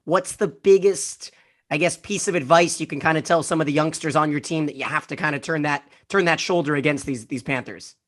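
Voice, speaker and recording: A man's voice: fairly high pitch, fairly quick, fairly bright tone. A man hosting a sports podcast, asking long, friendly questions in a casual way. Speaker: podcast host. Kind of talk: podcast interview host.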